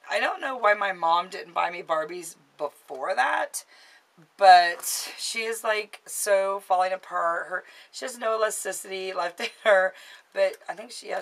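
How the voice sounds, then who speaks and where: A woman's voice: fairly low pitch, vocal fry, a bit bright, rough recording. A woman in her late thirties chatting casually in a show-and-tell vlog, rambling and restarting, sentimental and easily moved. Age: late 30s. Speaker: vlogger.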